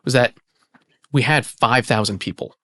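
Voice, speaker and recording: A man, an archivist hosting the conversation, explaining in a relaxed way with lots of "you know" fillers. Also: mid-range voice, moderate pace, no echo. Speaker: archivist and host. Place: indoor archive space.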